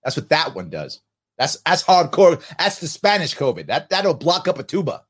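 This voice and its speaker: Sarcastic New man, high and lively. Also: moderate pace. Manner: mocking, sarcastic. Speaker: podcast host. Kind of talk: sarcastic political commentary.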